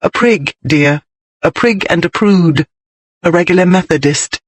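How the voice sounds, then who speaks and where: A man voicing a composed young lady who speaks crisply and teases with dry wit. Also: sits high, unhurried, no echo. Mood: cool teasing. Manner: crisp, poised, dryly teasing. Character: composed, witty young lady, cool and teasing.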